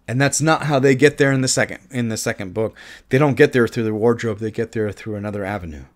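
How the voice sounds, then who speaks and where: A man's voice: mid-range voice, fast. A man giving an opinionated, casual movie review, his voice jumping up when he gets emphatic. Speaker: film reviewer.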